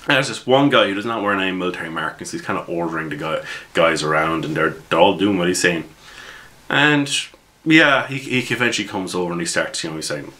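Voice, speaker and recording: A man's voice: low voice, fast, sharp tone. A man who runs a tabletop war game, recounting what happened in his last session in a rambling, conversational way. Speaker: game master. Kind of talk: casual spoken recap of a tabletop game session.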